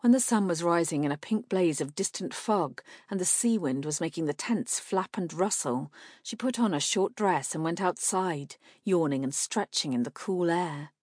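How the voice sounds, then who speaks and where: A woman reading a fantasy novel aloud in steady, measured scripted narration. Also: lowish voice, no echo, studio quality. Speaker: audiobook narrator.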